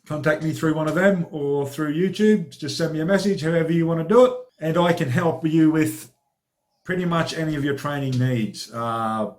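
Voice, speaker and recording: A man's voice: a little high, normal speed. A man hosting his own training diary vlog as a personal trainer, talking in a chatty, informal, upbeat way.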